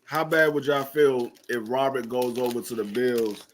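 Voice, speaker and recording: A man's voice: mid-range voice, normal speed, a little hiss or hum. A man in a casual football chat, teasing his co-host and explaining at length.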